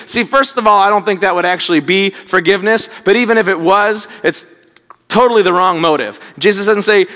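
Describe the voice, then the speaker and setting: Male pastor with a high voice, chatty sermon delivery, booming hall echo. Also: a bit bright. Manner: conversational, repeats words, acts out quotes.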